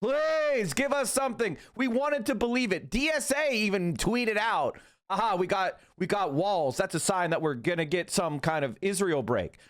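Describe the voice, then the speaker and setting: A man in his thirties hosts a livestream and tears into clips with heated, profane mockery. His voice sits high for a man. The talk is loose and fast-reacting. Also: expressive. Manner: profane, heated, mocking rants. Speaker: streamer host. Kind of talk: casual livestream commentary.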